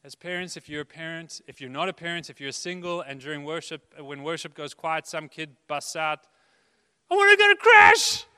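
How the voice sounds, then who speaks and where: A man preaching a sermon with a bright, crisp, resonant voice. He talks earnestly and conversationally and slips in playful asides. The sound carries a long reverb from a large church hall. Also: a little high, steady tone, brisk, few pauses, studio quality. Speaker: pastor.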